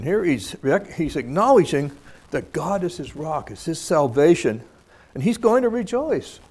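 Guy leading a scripture class, reads a verse then chats about it, kinda high voice. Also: big pitch swings, a little slow, darkish tone, breathy edge. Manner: reads verses aloud then comments conversationally; many fillers and restarts. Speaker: scripture study teacher. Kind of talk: informal scripture lesson.

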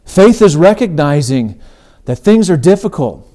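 A man's voice: a little high, big pitch swings, unhurried, dark tone. A middle-aged man hosting a faith podcast, delivering an earnest, emphatic sermon-style talk. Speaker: podcast host.

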